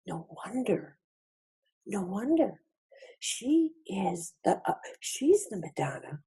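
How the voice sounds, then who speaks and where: A woman's voice: lowish voice, warm tone, husky. A woman giving a spiritual lecture over a webinar, reflective, repeating phrases for emphasis. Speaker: featured speaker.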